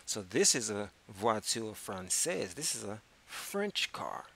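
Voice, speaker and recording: A man teaching a casual beginner French lesson, spelling words out letter by letter and repeating phrases slowly. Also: on the low side, big pitch swings, gravelly, a bit bright, husky. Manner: slow, spells words out letter by letter, drawn-out repetitions. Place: public access TV studio.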